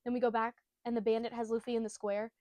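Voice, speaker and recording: A woman's voice: fairly high pitch, little pitch movement, quick pace, darkish tone, no room sound. A woman giving a casual, giggly and profane retelling of a comic chapter. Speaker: storyteller.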